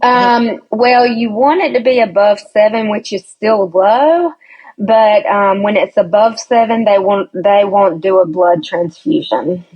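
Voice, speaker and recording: Slow-talking woman telling her story. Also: mid-range voice, slightly rough, lo-fi sound. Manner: chatty storyteller who acts out quoted voices, laughs often. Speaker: podcast guest. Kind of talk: casual storytelling interview.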